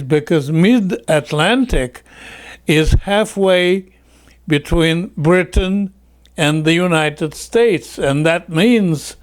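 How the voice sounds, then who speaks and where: Slow, smooth-voiced male teacher explaining. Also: a little high. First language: Russian. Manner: unhurried, explanatory, with many fillers. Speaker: English teacher. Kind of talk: explanatory lesson talk.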